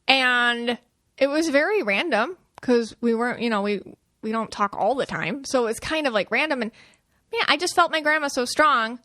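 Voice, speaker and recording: A young adult woman hosting a podcast, telling stories in a chatty, animated way and jumping up high when she quotes people. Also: normal speed, no room sound, clean studio sound. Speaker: podcast host. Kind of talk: casual podcast talk.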